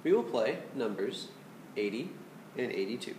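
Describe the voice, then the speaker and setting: A man's voice: mid-range voice, sing-song, normal speed, darkish tone, reverberant, slight background noise. A man teaching a flute lesson, explaining patiently and checking in with his students. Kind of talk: music lesson instruction.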